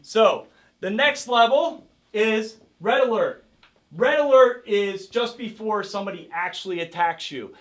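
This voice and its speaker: A man's voice: sits high, animated, measured pace, a bit bright. A man teaching a self-defense class as karate instructor, coaching a group with energy and calling out drills. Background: group of participants.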